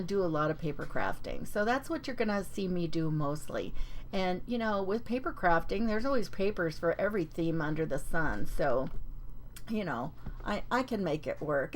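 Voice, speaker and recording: A woman chatting through a live paper-craft demonstration at her home desk. She talks in a mid-pitched voice that swings up and down. She greets her viewers by name, with a faint hum of room sound behind her. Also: low-quality recording.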